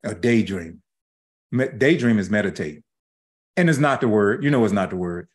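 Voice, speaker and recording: A middle-aged man preaching a sermon in a folksy, animated way, acting out quoted asides. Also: lowish voice, normal speed, pauses often. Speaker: pastor.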